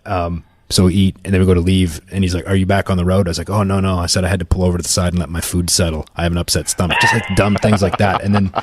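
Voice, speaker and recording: A man's voice: deep voice, little pitch movement, very fast, few pauses, slight background noise. A man from Canada co-hosting a podcast, telling rambling anecdotes with self-mocking jokes. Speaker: podcast co-host. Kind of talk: casual chat, storytelling.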